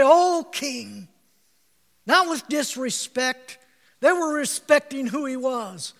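A man preaching an emphatic sermon, calling out to his listeners for responses and breaking into shouts. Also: extremely high pitch, in a large hall.

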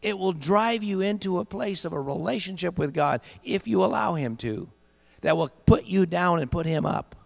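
Middle-aged preacher, gravelly and animated; sermon, big echoing hall, mains hum. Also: male voice, high-pitched. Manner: builds to loud emphatic peaks, slows for key phrases. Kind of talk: sermon storytelling.

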